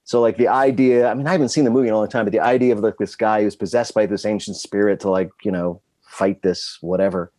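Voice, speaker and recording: A man's voice: lowish voice, fairly even intonation, fast talker, few pauses, warm tone, no room sound. A man telling rambling, self-deprecating stories as a guest in a casual interview. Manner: rambling storyteller, self-deprecating, with frequent restarts. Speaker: guest screenwriter.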